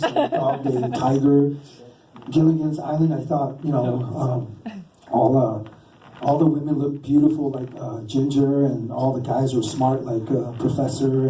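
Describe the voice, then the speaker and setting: A stand-up comic rambles through a self-deprecating story onstage, stumbling over fillers and restarts. He has a fairly high, dark-toned voice, and the recording picks up a roomy hall, a distant mic, and faint hiss.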